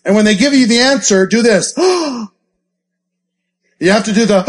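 Animated high-voiced male sales trainer. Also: fast talker. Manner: animated, acts out scripts and gasps for effect. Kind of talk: live training talk with role-play examples.

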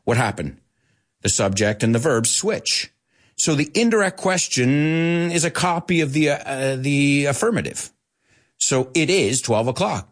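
A man hosting an English lesson in a chatty, lively way, dropping Spanish words in between and laughing often. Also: medium pitch, unhurried. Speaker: English teacher and show host. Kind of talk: live online English lesson.

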